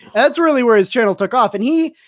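A man's voice: extremely high pitch, animated, quick pace, no echo, studio quality. A young man from El Paso co-hosting a podcast, rambling in casual chat and laughing often. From El Paso, Texas. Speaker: podcast co-host.

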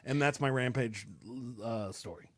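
A man's voice: medium pitch, measured pace, no room sound. A young man telling a long story on a talk show, casual and rambling, with many fillers and restarts. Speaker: co-host.

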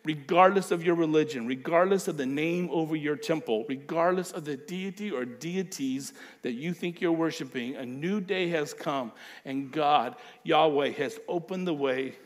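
A man's voice: fairly high pitch, moderate pace. A male pastor preaching a sermon, emphatic, with repeated phrases and acted-out quotes.

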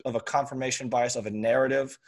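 A man in casual conversation, earnestly explaining his point through a long analogy and often clearing his throat. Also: medium pitch, steady tone, quick pace.

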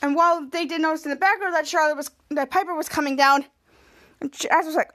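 Very high-voiced woman recapping a show. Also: fairly even intonation, fast, a bit bright. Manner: retells scene by scene, acting out quotes. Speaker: podcast host. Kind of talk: episode recap.

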